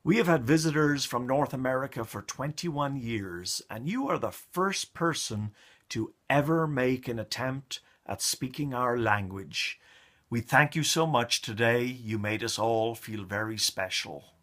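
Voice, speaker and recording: A man voicing a grateful factory manager who thanks a visitor slowly and sincerely. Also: mid-range voice, voice pushed down, natural voice. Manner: slow, soft and sincere. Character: grateful male factory manager, earnest and formal.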